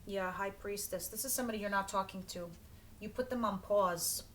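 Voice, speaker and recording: A woman's voice: mid-range voice, a little fast, background noise. Blunt, casual woman doing a tarot reading. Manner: blunt, swears freely, talks straight to the viewer. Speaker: tarot reader.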